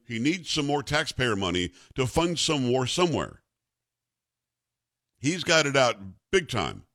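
A man's voice: mid-range voice, a bit bright, no room sound, clean studio sound. A man hosting a radio talk show, opinionated and teasing in a sarcastic way.

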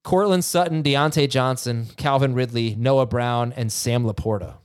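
A man hosting a fantasy football podcast, chatting casually with halting restarts and reading listener emails aloud. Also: mid-range voice, clean tone. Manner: halting, many restarts, reads questions aloud. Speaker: podcast host.

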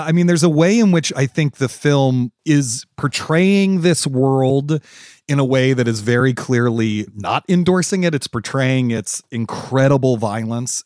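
A man on a culture podcast panel, talking casually in a measured, analytical way. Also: mid-range voice, darkish tone, dry recording, clean studio sound.

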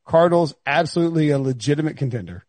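A man's voice: fairly high pitch, animated, fast, a little mellow, no echo. A man hosting a sports podcast, bantering casually with friends and often laughing. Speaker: podcast host.

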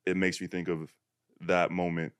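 A man's voice: low voice, level tone, moderate pace, clear, resonant tone, dry recording, studio quality. A man hosting a podcast in a casual, rambling way with lots of fillers. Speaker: podcast host. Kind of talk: casual chat.

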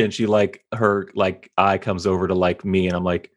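A man playing in a tabletop role-playing game, speaking in a measured, playful way. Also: on the low side, flat delivery. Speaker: player. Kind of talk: tabletop role-play discussion.

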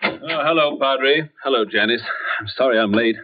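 An actor playing a brisk, matter-of-fact village doctor in a 1940s radio drama. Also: male voice, medium pitch, natural voice. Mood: breathless. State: out of breath. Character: breezy, practical young village doctor, a man. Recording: tinny, narrow old radio broadcast.

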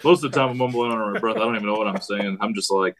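A high school head football coach talking casually on a podcast, rambling and acting out what he yells at his players. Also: racing. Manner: rambling, animated storytelling with quoted yells.

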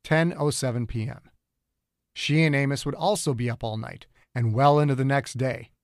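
A man reads a thriller audiobook in a steady, measured way. His voice sits in a middle range and the recording is dry and close, with no room sound. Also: medium pitch, no room sound. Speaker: author and narrator. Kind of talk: scripted audiobook narration.

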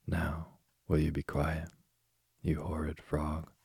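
A man voicing a frightened, reluctant young princess in a soft, even storybook reading. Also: a bass voice, slow pace, husky, no echo, clean studio sound, exaggerated voice. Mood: uneasy.

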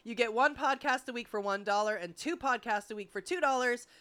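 A woman co-hosting a podcast in casual chat, teasing crudely and rattling off promos quickly. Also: on the high side, a bit bright. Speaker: podcast co-host.

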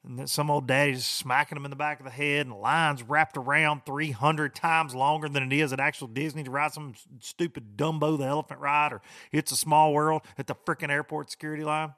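A man's voice: on the high side, fairly even intonation, fairly quick, hardly any pauses, pushed and bright. A middle-aged man, rambling and grumbling in a casual, folksy podcast monologue. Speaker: podcast host.

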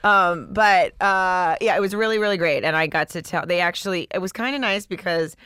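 A woman comedian in casual podcast chat, talking about her book with lots of restarts and quick laughs. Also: fairly low pitch, a bit bright, clear, resonant tone, dry recording.

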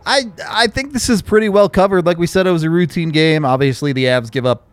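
A man hosting a casual hockey podcast, easygoing and quick to laugh. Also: fairly high pitch, dry recording. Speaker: podcast host. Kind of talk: casual sports chat.

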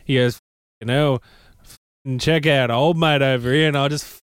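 Australian male co-host, mid-pitched, rambling anecdotes, dry close sound. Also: fairly even intonation, normal speed, clean tone, no echo. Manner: rambling storyteller, laughs often. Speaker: podcast co-host. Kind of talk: casual chat.

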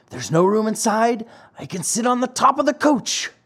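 A man doing a brash, excitable runaway boy. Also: high voice, normal speed, slightly rough, voice pushed up, exaggerated voice. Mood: eager. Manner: eager, persuasive calls.

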